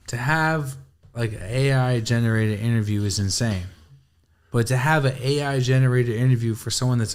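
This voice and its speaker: A man chatting casually as a podcast guest, telling a story in an animated way with heavy slang and lots of swearing, acting out his own reactions. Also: medium pitch. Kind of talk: casual chat.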